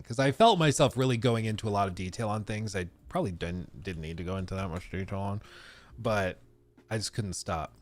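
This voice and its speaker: A man's voice: fairly low pitch, expressive, fast talker. A man hosting a live stream, rambling casually as he reads and answers viewer messages. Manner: rambling, reacting to chat with frequent restarts.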